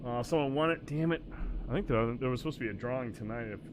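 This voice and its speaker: A man's voice: mid-range voice, fast, background noise. Laid-back man streaming a game. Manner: laid-back, chatty, swears casually, reads game lines aloud. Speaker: streamer playing a video game. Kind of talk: casual live-stream commentary. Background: game music.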